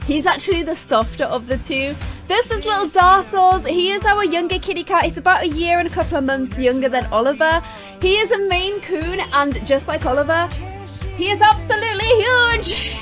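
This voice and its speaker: A bubbly young woman chatting through a game at her desk mic, gushing over her cats in baby-talk. Her voice sits high and swoops up and down with lively expression. She keeps an easy, casual commentary going. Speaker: gaming YouTuber.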